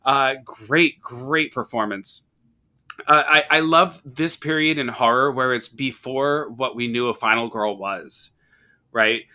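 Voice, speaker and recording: Podcast host, male, bright lively voice, animated storyteller who acts out quotes. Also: mid-range voice, a little slow. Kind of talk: casual horror movie discussion.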